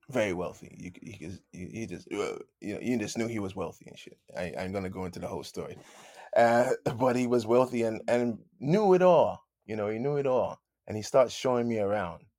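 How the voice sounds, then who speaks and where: Low-voiced musician telling stories, laughing. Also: male voice, animated, normal speed, darkish tone, no room sound, studio quality. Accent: light London. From London, England. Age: 50s. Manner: laughing, acts out other people's voices. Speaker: musician guest. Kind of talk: casual interview storytelling.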